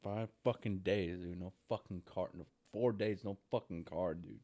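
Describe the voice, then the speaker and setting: A man's voice: low-pitched, fairly even intonation, moderate pace, warm tone. A man venting in a frustrated, repetitive monologue, swearing constantly and ending lines with "dude.". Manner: frustrated ranting, heavy swearing, repeats "dude". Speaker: vlogger.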